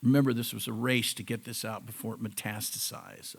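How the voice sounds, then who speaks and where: Here a cancer survivor addresses a live audience in a brisk, medium-pitched voice that is creaky with a breathy edge and fairly even intonation. His testimonial unfolds as relaxed storytelling that often veers into asides.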